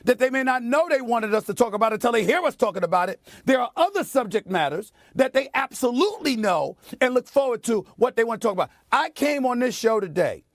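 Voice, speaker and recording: Middle-aged man, sports TV host, high and swooping voice, emphatic, repeats lines for effect, dry studio sound. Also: big pitch swings, fast, few pauses, dry recording. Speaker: sports debate show host. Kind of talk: heated on-air sports commentary.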